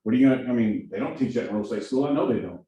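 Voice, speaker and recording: A man with a Southern accent races through a classroom training talk for new agents, his pitch medium. He's a productivity coach from Missouri who energetically keeps asking "right?". Faint hiss accompanies the echoey, far-off recording.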